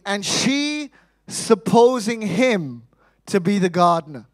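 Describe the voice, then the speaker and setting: High-voiced man preaching an animated sermon. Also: slow pace, no echo, poor audio. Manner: lively, humorous, acts out quoted voices; calls for responses from the congregation. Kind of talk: Easter sermon.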